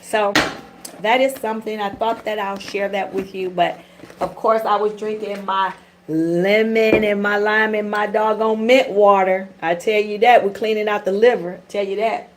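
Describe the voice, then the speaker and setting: A woman's voice: medium pitch, fairly even intonation, normal speed, noisy background. A middle-aged woman hosting a tarot channel, chatting candidly and casually with her viewers, with frank swearing and everyday slang. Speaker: tarot reader and channel host. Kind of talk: casual livestream chat.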